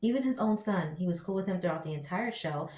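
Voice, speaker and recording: A woman reviewing a TV show in casual commentary, ranting in an exasperated, slangy and animated way. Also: on the low side, fast talker. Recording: echoey room.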